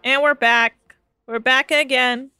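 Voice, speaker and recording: A woman's voice: high-pitched, fairly even intonation, takes it slowly, over loud music. A woman co-hosting a podcast who chats casually and retells a TV episode, quoting the people in it. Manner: chatty storytelling, quotes people. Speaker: podcast co-host. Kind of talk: casual recap chat.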